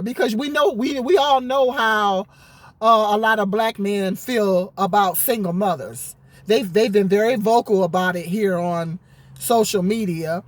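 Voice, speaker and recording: A woman's voice: medium pitch, moderate pace, dry recording. Woman vlogger, heated sarcastic rant, stumbles over words, dry close sound in a parked car. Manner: indignant, sarcastic, stammers and repeats words. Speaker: vlogger responding to comments. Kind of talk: ranting commentary vlog. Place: parked car in a parking lot.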